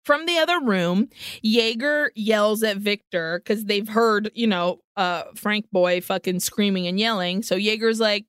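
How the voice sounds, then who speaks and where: Woman podcast host recapping a movie, swears a lot, smooth clear voice, dry room. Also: medium pitch, measured pace, no echo. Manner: animated, swearing, acts out lines. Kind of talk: casual chat recapping a film.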